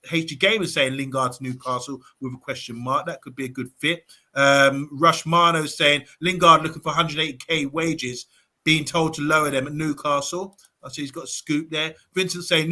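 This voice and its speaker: Bright-voiced man reading out comments. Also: a little high. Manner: reads comments aloud with many fillers. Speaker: fan show panelist reading viewer comments. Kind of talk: casual live-stream chat.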